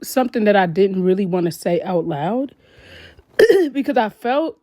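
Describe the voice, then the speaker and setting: A woman vlogger gives casual commentary straight to her viewers. She sounds animated and exclaims often, with a mid-pitched voice. The recording is dry and close, with no room sound. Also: unhurried, dry recording.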